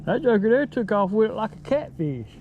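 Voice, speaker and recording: Whooping, excitable fisherman. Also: sits high, brisk, muffled recording, a little hiss or hum. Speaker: fishing vlogger. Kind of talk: excited fishing commentary. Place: on a boat outdoors on water.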